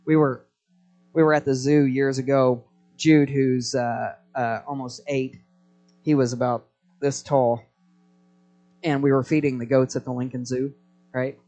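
Animated preaching man, faint music behind. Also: mid-range voice, unhurried, pauses often. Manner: animated storytelling, prompting the crowd to respond. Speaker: pastor. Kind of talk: live sermon to a congregation.

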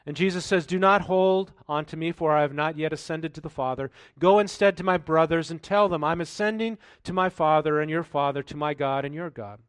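A pastor preaches in a dry room, his voice on the high side, brisk, with few pauses and a clear, resonant tone on a dry recording. His sermon moves from reading scripture to conversational commentary with rhetorical questions.

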